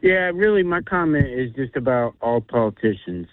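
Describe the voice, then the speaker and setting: A man's voice: mid-range voice, expressive, moderate pace, no echo. A man from Chicago calling in to a radio show, heard over a thin, tinny phone line with a dry, close sound. He rants bluntly, piles on fillers and keeps circling back to his point. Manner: blunt, ranting, heavy on fillers. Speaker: radio caller. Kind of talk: casual call-in talk.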